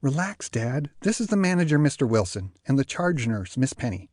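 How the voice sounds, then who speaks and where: A man's voice: medium pitch, sing-song, a little mellow, dry recording, studio quality. A man voicing a weary but patient adult daughter, speaking firmly and reassuringly. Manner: firm, reassuring, slow.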